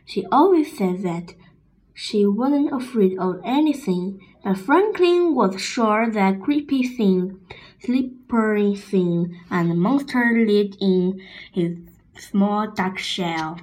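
A woman reading a picture book aloud to children in a gentle storytelling manner. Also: mid-range voice, lively intonation, slow, poor audio.

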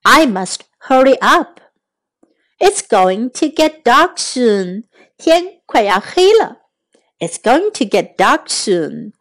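A woman leads a bilingual English lesson for children, saying each phrase slowly and more than once. Her voice is high and animated, and her pace stays unhurried. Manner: slow, repeats each phrase, explains in Chinese.

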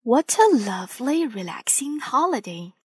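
Gentle mother pig, soft and soothing, slow and unhurried, put on by a woman reader. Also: fairly high pitch, sing-song, breathy edge, no echo, full character voice. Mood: calm.

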